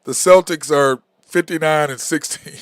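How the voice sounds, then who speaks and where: A man's voice: on the high side, a little slow, no room sound, studio quality. A man hosting a sports talk show, talking bluntly and with animation in casual sports chat. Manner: blunt, animated, says "okay?" and "bro" a lot.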